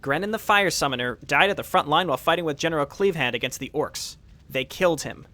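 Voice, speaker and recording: A stern, suspicious paladin leader in a strategy game, read out plainly by a man. The voice is fairly high, bright and forceful. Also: animated, fast talker.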